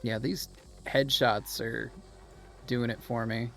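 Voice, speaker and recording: A man's voice: medium pitch, little pitch movement, slow pace, gravelly, a bit bright, faint music behind. A man streaming a video game, chatting casually as he plays, laughing often and swearing now and then. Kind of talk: casual gameplay commentary.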